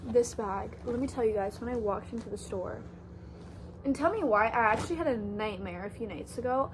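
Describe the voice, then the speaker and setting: A woman's voice: on the high side, expressive, normal speed, background noise. A young woman from Canada chatting casually in a haul vlog, bubbly and gushing, full of "like" fillers. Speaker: thrift haul vlogger.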